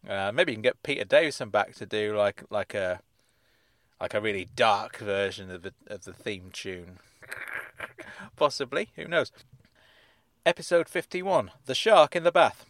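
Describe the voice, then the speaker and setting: A man's voice: lowish voice, expressive, measured pace, a bit bright, no room sound. A man reading episode synopses aloud and adding dry, sardonic asides, chuckling as he goes. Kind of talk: casual comic commentary.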